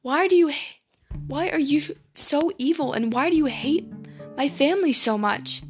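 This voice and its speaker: A brave young princess speaks with strong emotion, voiced by a woman. Her voice sits high and pleads. Faint music plays under her. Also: fairly even intonation, moderate pace, close to an everyday voice. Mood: furious.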